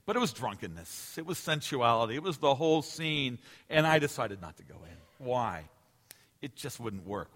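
Bright-voiced preacher in a reverberant hall. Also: male voice, mid-range voice. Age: 40s. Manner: emphatic, swinging from loud to hushed. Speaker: pastor. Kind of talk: sermon. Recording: long reverb of a large hall.

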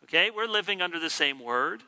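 A middle-aged man preaching a sermon, acting out the complaints he quotes with lively swings in pitch and volume. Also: fairly quick. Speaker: pastor.

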